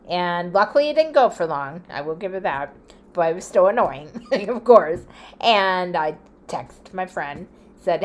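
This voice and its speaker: A woman's voice: lowish voice, lively intonation, normal speed. A woman vlogger telling a story in a casual, chatty way, often laughing and acting out what others said.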